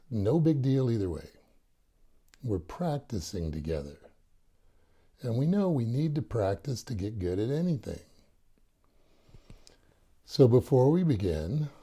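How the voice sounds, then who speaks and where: A man guides a meditation session in a calm, soft-spoken way, slipping in gentle humor. His voice is lowish and mellow with a husky, breathy edge. He speaks very slowly and deliberately. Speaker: meditation teacher.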